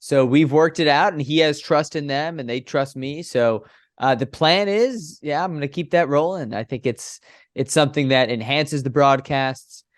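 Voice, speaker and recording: Animated young man, dry close sound. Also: normal speed, no echo. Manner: animated, acts out his home run calls with big pitch jumps. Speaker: baseball play-by-play broadcaster. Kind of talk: casual podcast interview storytelling.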